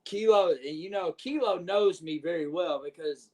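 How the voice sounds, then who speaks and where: A man telling a backstage wrestling story on a podcast, animated and profane, acting out what others said. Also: high voice, normal speed. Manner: profane, animated retelling with quoted voices. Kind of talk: casual storytelling.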